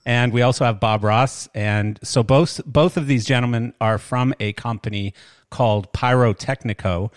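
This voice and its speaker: An older Canadian man hosts a podcast, chatting casually in a rambling, self-deprecating way. He speaks at a normal speed in a medium-pitched voice, and the recording is dry with clean studio sound.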